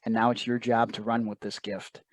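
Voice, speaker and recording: A man's voice: fairly low pitch, little pitch movement, normal speed, no echo. A man telling a personal story as an interview guest, earnest and emotional, often quoting others in asides.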